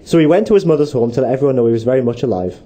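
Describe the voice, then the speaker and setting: Teasing young co-host, lively and mellow. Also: male voice, mid-range voice, very fast. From Britain. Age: young adult. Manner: teasing, incredulous. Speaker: co-host of student radio show. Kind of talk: casual banter. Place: radio studio.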